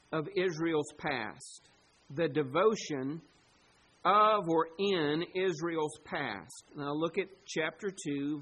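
Guy preaching a sermon, pretty high voice, gets loud and emphatic. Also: breathy edge, poor audio. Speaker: pastor.

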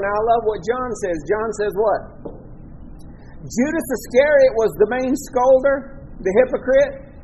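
High-voiced Southern preacher man. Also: animated, measured pace, darkish tone, a little hiss or hum, rough recording. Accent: Southern American. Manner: emphatic preaching, voice rising and dropping for effect. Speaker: pastor. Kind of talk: sermon.

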